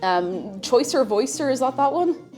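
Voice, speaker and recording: A woman's voice: high-pitched, lively intonation, measured pace, a little mellow, soft background music. A woman chatting casually and giggling while cooking at home on a live stream. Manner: chatty and giggly, breaks into silly noises.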